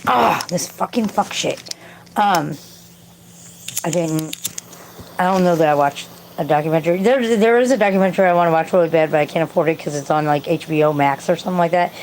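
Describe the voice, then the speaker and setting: A woman with a low voice talks fast against slight background noise while livestreaming casually from home. She reads chat and answers it in a rambling, foul-mouthed way, also hollering at her cat.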